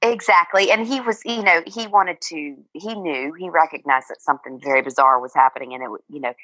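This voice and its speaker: A middle-aged woman guest with a notably low voice speaks in a dry, close recording. She talks casually and haltingly, with many fillers and restarts, and she laughs often. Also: fairly bright tone, dry recording, poor audio. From Virginia, United States. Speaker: guest author. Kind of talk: casual interview chat.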